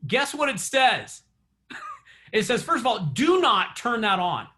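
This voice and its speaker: A man with a high, bright voice gives a chatty coaching session, spinning stories and laughing often. He speaks to his group of real estate agents over an online meeting. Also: big pitch swings, a little slow.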